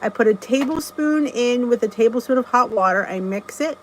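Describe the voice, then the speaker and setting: A woman's voice: fairly high pitch, expressive, normal speed, a little hiss or hum, poor audio. A middle-aged woman hosting a casual live stream, chatting and greeting viewers by name, often laughing at herself. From New Jersey. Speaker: channel host.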